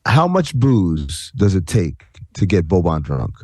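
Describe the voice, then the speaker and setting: A man co-hosting a sports podcast, talking in halting, self-correcting bursts with a wry edge. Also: low voice, sing-song, mellow, slight background noise. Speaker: podcast co-host. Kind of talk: casual sports-talk banter.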